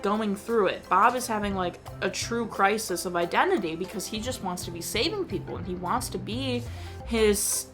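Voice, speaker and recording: A woman's voice: mid-range voice, fairly bright tone. A woman reviewing a movie in casual chat, enthusiastic and gushing, with lots of "like" fillers. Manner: enthusiastic, gushing, heavy use of "like".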